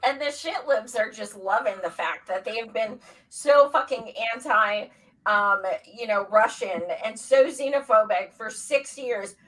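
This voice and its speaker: A woman's voice: on the high side, measured pace, fairly bright tone, recorded from a distance, rough recording. A woman co-hosting a casual political chat, blunt and heated, who swears a lot. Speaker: co-host.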